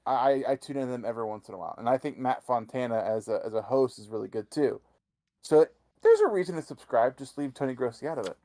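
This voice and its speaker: A man's voice: medium pitch, lively intonation, quick pace, dark tone. A man co-hosting a sports podcast, giving blunt opinions in casual chat with many "you know" fillers. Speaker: podcast co-host.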